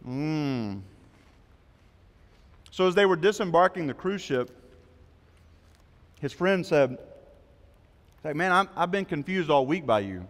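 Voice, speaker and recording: A man's voice: sits high, expressive, measured pace, pauses often, fairly bright tone. A man preaching a sermon as pastor, telling a story with quoted voices before an earnest appeal. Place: church sanctuary. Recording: long hall reverb.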